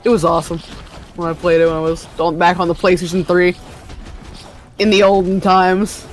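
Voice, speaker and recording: A streamer chatting casually with friends during a co-op game, playful and teasing and quick to laugh. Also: medium pitch, flat delivery, a little hiss or hum. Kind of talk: casual gaming chat.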